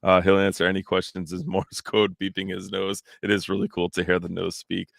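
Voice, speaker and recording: A man hosting a casual soccer podcast from a spare room at home, relaxed and rambling with fillers. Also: sits low, fairly quick, gravelly, dry recording, studio quality. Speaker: podcast host.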